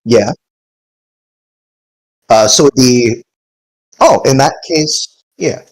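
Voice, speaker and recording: A man's voice: medium pitch, very slow, poor audio. A young man acting as game master, casually narrating a tabletop game and laughing often.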